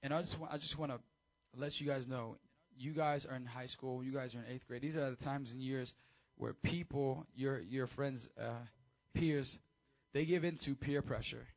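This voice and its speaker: A man preaching a casual, high-energy sermon to teenagers as youth pastor, with call-and-response. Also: fairly even intonation, moderate pace, hardly any pauses, highs cut off.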